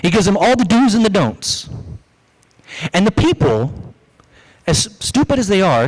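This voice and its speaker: Animated male pastor preaching. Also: high voice, normal speed, poor audio. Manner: lively preaching, acts out quoted voices. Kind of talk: sermon. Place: church.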